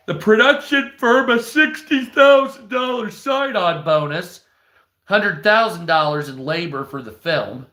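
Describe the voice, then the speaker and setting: Ranting, profane man with a bright edge. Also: on the high side. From United States. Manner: profane, heated, rambling. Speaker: live stream news commentator. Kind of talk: ranting live stream commentary.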